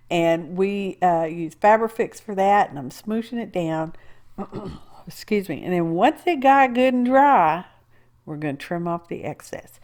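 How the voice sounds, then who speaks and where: A woman's voice: fairly low pitch, expressive, a little slow, a little mellow. A woman, chatting her way through a crafting tutorial, rambling with asides and talking to herself as she works. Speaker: craft video host. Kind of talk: casual crafting tutorial narration.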